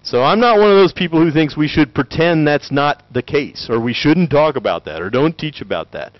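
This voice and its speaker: A man lecturing with jokes, his pitch jumping around as he acts out little voices. The sound is dull and lo-fi, and the space is dry, with no echo. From Tennessee. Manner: animated, joking, acts out quick voices. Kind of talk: lively conference talk.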